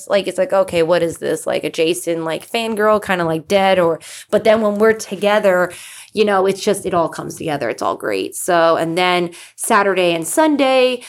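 Chatty, excitable woman in her thirties. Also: lowish voice. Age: 30s. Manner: excitable, chatty, swears freely, many fillers. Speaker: podcast host. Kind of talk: casual solo podcast chat.

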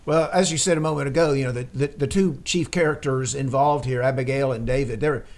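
A man co-hosting a Bible discussion, adding reflective, measured comments. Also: medium pitch, fairly even intonation. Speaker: co-host.

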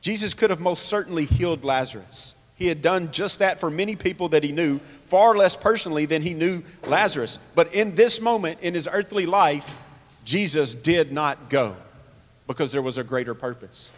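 A man's voice: on the high side, moderate pace, long reverb tail. A man preaching a sermon, earnest, asking rhetorical questions and reading scripture aloud. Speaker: pastor.

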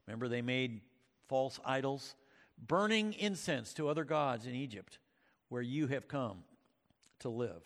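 A man's voice: medium pitch, expressive, measured pace, in a large hall. A male pastor preaching a sermon, reading scripture and retelling stories with dramatic emphasis, with occasional fillers. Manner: uses fillers like uh and um.

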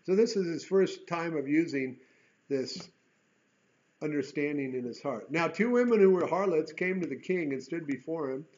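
A male Bible teacher with a fairly high, darkish-toned voice goes verse by verse through a chapter, reading aloud at a moderate pace. He's expressive, often breaking off for folksy asides and rhetorical questions. The recording sounds dull and lo-fi.

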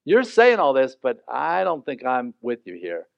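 A man's voice: mid-range voice, wildly swooping pitch, unhurried, creaky, no room sound, voice pushed down, exaggerated voice. Man doing an old priest, doubting and complaining, dull, dry recording. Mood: skeptical. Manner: incredulous, complaining.

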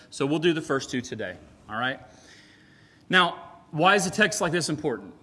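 Animated, bright-voiced male preacher. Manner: animated, conversational, with frequent "right?" and "like"; swings from loud emphatic peaks to low asides. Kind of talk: sermon.

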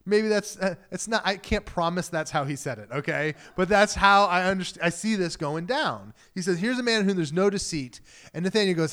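Animated, conversational male preacher. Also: sits high, brisk, few pauses. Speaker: pastor. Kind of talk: sermon.

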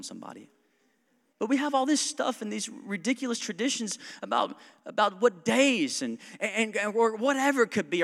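A man with a high voice preaches in a church sanctuary. His words trail off into a long reverb. He keeps it conversational and jokey, quick with asides and chuckles. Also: fairly bright tone. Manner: conversational, joking, self-described smart aleck. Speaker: pastor. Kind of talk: sermon.

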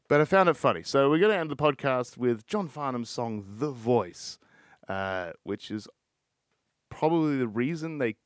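A man hosts a solo podcast and talks in a loose, rambling rant. He sounds frustrated and swears constantly. His voice sits at an ordinary pitch and is recorded dry and close. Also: dry recording. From Australia. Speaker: podcast host.

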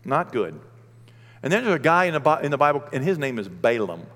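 A man preaching a sermon, animated, swinging between loud outbursts and hushed, gentle talk. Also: medium pitch, a little fast, long reverb tail.

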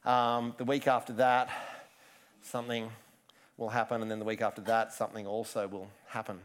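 A man's voice: lowish voice, flat delivery, moderate pace, clean tone. A man preaching a casual sermon, chatty and joking, often restarting his sentences. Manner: chatty, self-interrupting, joking asides. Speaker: pastor.

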